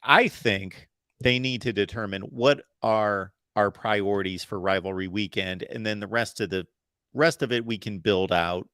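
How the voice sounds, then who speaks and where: Brief: male call-in show host, low and dry, stumbles and repeats words on a video call. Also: a bit bright, no room sound. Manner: repeats words, restarts often. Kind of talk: casual sports talk.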